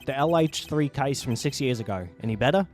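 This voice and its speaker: A man's voice: medium pitch, lively intonation, brisk, a little mellow, close to an everyday voice. A man voicing a laid-back male detective with a put-on Australian accent, calling people mate, over faint game music. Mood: casual. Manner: casual, says "mate".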